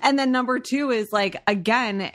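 A woman co-hosting a podcast, chatting in an energetic, talkative way. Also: fairly high pitch, moderate pace, no echo, studio quality. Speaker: podcast co-host. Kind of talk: casual conversation.

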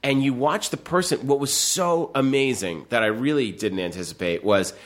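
A man's voice: medium pitch, moderate pace. A man chatting casually, telling a story animatedly and acting out the people in it. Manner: animated storytelling with acted-out quotes. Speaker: podcast guest. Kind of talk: casual chat.

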